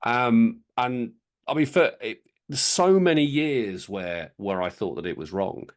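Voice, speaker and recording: A man's voice: mid-range voice, lively intonation, slow. A man co-hosting a podcast, reflecting openly and repeating words as he thinks aloud. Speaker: podcast co-host. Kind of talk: candid conversational chat.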